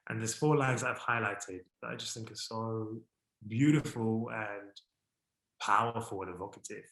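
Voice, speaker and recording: A man giving a history talk, expressive and enthusiastic, lifting his voice when excited and reading a French poem aloud with care. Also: moderate pace, roomy sound, poor audio. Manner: expressive, warm about his subject, rises in pitch and volume when excited. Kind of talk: presentation to an online audience.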